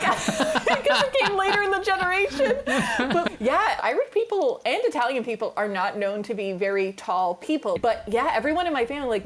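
A young woman co-hosting a podcast, telling a family story in casual chat, animated and laughing, with the odd swear. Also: medium pitch. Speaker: podcast co-host.

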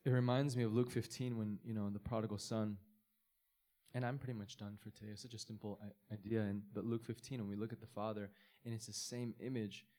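A man's voice: fairly low pitch, flat delivery, a little fast, warm tone. Earnest man preaching informally. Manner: earnest, conversational, rambling with restarts. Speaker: pastor. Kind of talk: informal sermon.

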